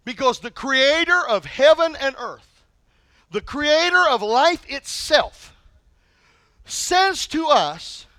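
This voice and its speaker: A male pastor preaching a sermon in an animated, humorous storytelling manner. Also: very high-pitched, slow, dry recording, studio quality.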